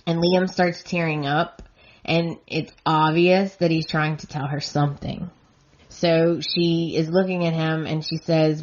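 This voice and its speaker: A woman's voice: deep voice, fairly even intonation, a little slow, highs cut off. A woman podcast host giving an earnest, emotionally invested recap that turns indignant at times.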